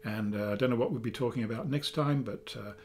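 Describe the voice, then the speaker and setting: A man, a therapist calmly teaching a self-help technique in a chatty video, with fillers, dropping softly for affirmations. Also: medium pitch, quick pace, slight background noise. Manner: calm, chatty explaining with fillers, softening to near-whispers for affirmations. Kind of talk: talking-head teaching video.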